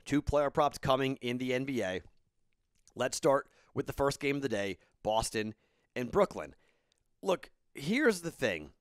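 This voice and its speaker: A man's voice: medium pitch, no room sound, clean studio sound. A man in his thirties, a podcast host, telling a casual rambling story and then giving betting picks, tired and self-correcting.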